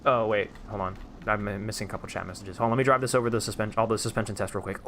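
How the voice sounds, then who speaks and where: Excitable young man streaming games. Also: fairly low pitch, very fast, slight background noise. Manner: excitable, chatty, reads chat aloud. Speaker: livestream host. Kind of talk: casual live-stream commentary. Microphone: desk microphone.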